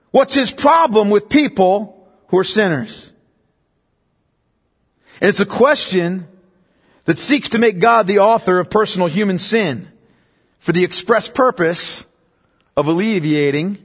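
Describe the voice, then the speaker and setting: A male pastor with a high, husky voice delivers an emphatic sermon. He presses his points hard, then drops low and hushed for stress. The sound rings with a long hall reverb, as from a church sanctuary. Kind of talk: expository sermon.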